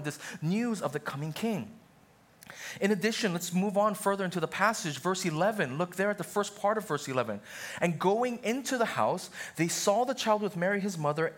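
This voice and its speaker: A man's voice: sits high, a bit bright. A young adult man, a pastor, preaching a sermon in a casual, conversational way, often checking in with the congregation. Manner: conversational preaching with frequent "right?" and "okay?" asides.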